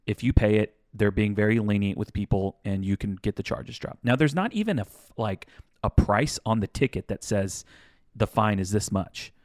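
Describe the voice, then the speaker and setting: A man co-hosting a podcast, telling a long rambling story in a casual chat, animated and swearing now and then. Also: fairly low pitch, moderate pace, no room sound, studio quality. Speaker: podcast co-host.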